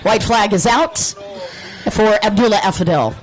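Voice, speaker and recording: A man's voice: high voice, moderate pace, poor audio. A man from Texas doing live race commentary with playful, chatty banter.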